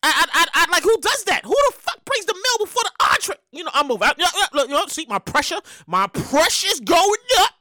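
A woman with a very high, sharp voice rants through a comic story as a show host. Her pitch leaps all over the place, and she swears freely, breaking into shouted outbursts. The sound is dry and close. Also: fast, few pauses, no room sound. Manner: profane, animated, bursts into shouting. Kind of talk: comedic storytelling rant.

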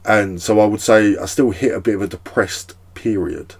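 A man's voice: fairly low pitch, normal speed, breathy edge. A young man hosting a podcast, chatting casually in a rambling way with lots of fillers and swearing. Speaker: podcast host. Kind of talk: casual chat.

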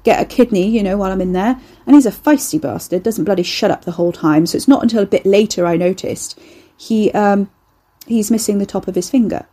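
A woman's voice: mid-range voice, brisk, mellow, husky, natural voice. A woman voicing a cocky young man who is an eldritch horror in human form, talking in a casual, slangy, offhand way. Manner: casual, slangy, chatty, unbothered.

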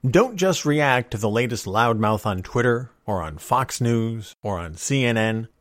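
A man's voice: medium pitch, expressive, unhurried, no echo, studio quality. A middle-aged man hosting a solo podcast, talking in a folksy, opinionated and wry way. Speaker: podcast host.

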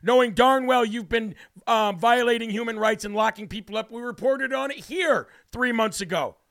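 A man hosts a political talk show in a brash, preachy style. His voice sits high for a man and has a gravelly rasp. He also tells personal stories at length. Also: normal speed, a bit bright. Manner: brash and preachy, then storytelling. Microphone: studio mic.

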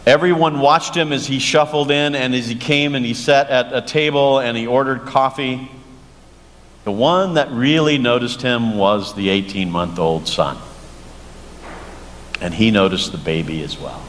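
A man, a pastor, preaching a sermon in a slow, earnest storytelling manner and leading a prayer. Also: mid-range voice, a bit bright. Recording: long church reverb, faint noise.

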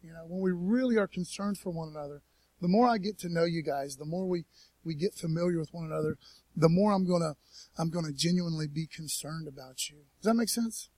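A man's voice: a little high, brisk, darkish tone, no room sound. A man preaching a casual, conversational sermon in church, folksy, with lots of "man" and "you know". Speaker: pastor.

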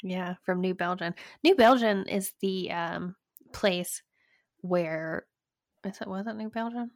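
A young adult woman co-hosts a relaxed podcast with a somewhat low voice. She chats casually and tells stories with lively, building energy. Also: slow pace, no room sound, studio quality. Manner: animated storytelling, gets loud when retelling frustration. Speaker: podcast co-host. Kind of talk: casual chat.

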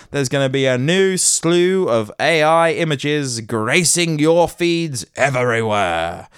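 A man's voice: on the high side, a bit bright, clean tone, no echo, clean studio sound. A man hosting a podcast, reading tech news aloud and breaking into playful, theatrical jokes. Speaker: podcast host. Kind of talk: news reading with comic asides.

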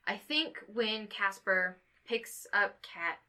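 A woman's voice: medium pitch, expressive, slow, sharp tone. A woman co-hosting a podcast, casually retelling a film's plot and laughing often. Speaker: podcast co-host. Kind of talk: casual movie discussion.

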